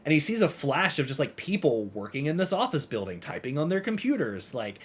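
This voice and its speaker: Very animated and fairly quick, this man has a husky voice on the high side. Co-hosting a podcast, he casually rambles through a game recap, voicing the characters' lines himself.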